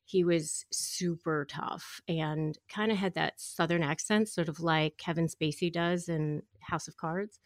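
A woman's voice: deep voice, measured pace, hardly any pauses, dry recording, clean studio sound. A middle-aged woman, a guest attorney, telling a story with animation in a podcast interview. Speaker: guest, divorce attorney and negotiator.

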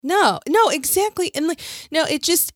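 A woman's voice: very high-pitched, moderate pace, dry recording, studio quality. A woman co-hosting a podcast, rambling through a reality show recap and acting out quotes. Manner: rambling, restarts, animated quoting. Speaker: podcast co-host.

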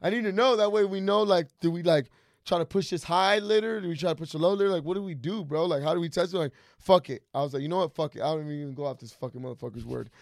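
A young man swapping stories on a podcast, his voice gravelly and pitched a bit high. He talks in an animated, profane rush, recorded dry and close. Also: fast talker, dry recording. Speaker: podcast guest. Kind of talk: casual podcast storytelling.

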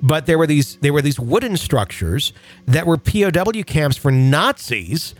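A man's voice: on the high side, big pitch swings, unhurried. A man from Wisconsin hosting a paranormal podcast, rambling casually with laughs and the odd swear. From Wisconsin, USA. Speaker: podcast host.

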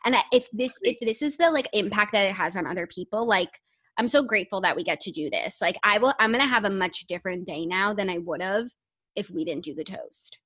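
A young woman co-hosting a podcast in casual chat, agreeable and expressive as she reacts and shares her opinions. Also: medium pitch, a little fast. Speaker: podcast co-host.

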